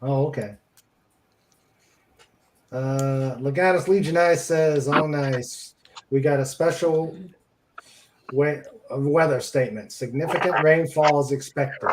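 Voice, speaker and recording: A man's voice: fairly high pitch, takes it slowly, long pauses, noisy background. A man hosting a casual live stream, reading chat messages aloud and chuckling along with guests. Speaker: stream host.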